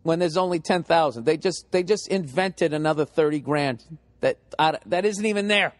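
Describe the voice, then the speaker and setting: Profane ranting man, higher voice. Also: normal speed, no room sound. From United States. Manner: profane, ranting, animated storytelling. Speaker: podcast host. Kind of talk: comic podcast monologue.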